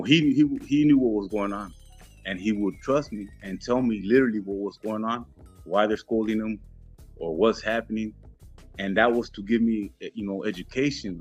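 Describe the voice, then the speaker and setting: A man's voice: lowish voice, slightly rough. A man as a podcast guest, telling a story casually in street slang, laid-back and acting out what others said. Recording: muffled with faint music.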